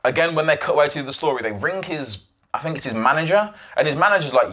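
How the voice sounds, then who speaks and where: A man's voice: on the high side, fast talker. A man hosting a podcast, casually retelling a documentary with swearing and acted-out quotes. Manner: animated, swearing, acts out quoted voices. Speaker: podcast host.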